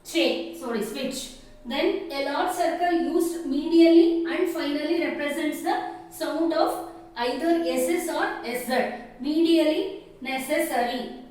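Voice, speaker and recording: A woman teaching shorthand step by step, slowly and methodically naming each stroke. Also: high voice, darkish tone, far from the mic. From India. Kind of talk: step-by-step classroom explanation. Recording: echoey room, off-mic, faint noise.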